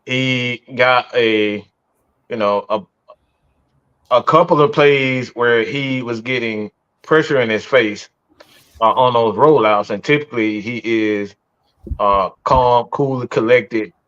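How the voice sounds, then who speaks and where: A man's voice: mid-range voice, slow pace, fairly bright tone, clean tone. A man hosting a live post-game reaction show, ranting with heavy swearing and stammered restarts. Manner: profane and exasperated, stammering restarts. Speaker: sports podcast host. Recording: dull lo-fi stream audio.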